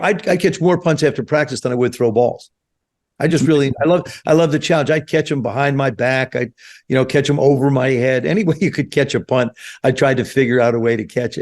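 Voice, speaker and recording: A man in his seventies from New Jersey, a guest telling stories in an animated way on a podcast. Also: medium pitch. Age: 70s. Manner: animated storyteller, acts out quoted voices. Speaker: guest, former quarterback. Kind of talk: storytelling interview. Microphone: podcast studio mic.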